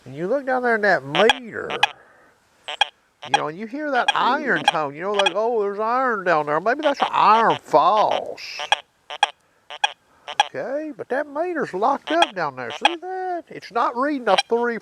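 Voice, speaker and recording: Speaking a bit slowly in a high, sing-song voice, this metal detecting host shows off his detector in a homespun style and keeps checking on his viewers. Heavy background noise fills the clip, including loud detector tones.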